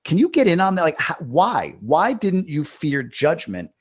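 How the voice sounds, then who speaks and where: A man's voice: a little high, wildly swooping pitch, moderate pace. A man hosting a casual interview, talking in a loose, rambling way with frequent restarts. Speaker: host.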